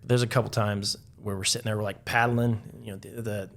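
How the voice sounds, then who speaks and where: A man on the low side, talking a little fast in a flat manner, appears as a podcast guest and Navy veteran. In this casual storytelling interview he uses plenty of filler words and chuckles now and again.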